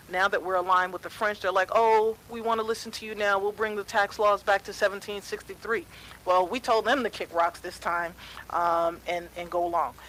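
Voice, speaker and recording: A woman's voice: on the low side, a bit bright, slight background noise, low-quality recording. Woman explaining history casually. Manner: conversational, asks rhetorical questions, frequent fillers. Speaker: personal finance educator.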